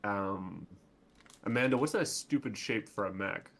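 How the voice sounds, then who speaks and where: A man's voice: on the low side, unhurried, fairly bright tone. A man playing as a guest on a tabletop game stream over a video call, stammering and laughing as he thinks aloud. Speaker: guest player.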